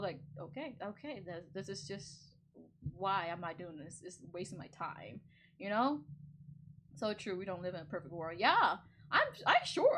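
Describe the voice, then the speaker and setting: She is a woman streamer in a loose, rambling chat, and her pitch swings widely as she talks. She laughs often between points and keeps returning to her thought. There is a faint hiss behind her voice. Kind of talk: casual chat.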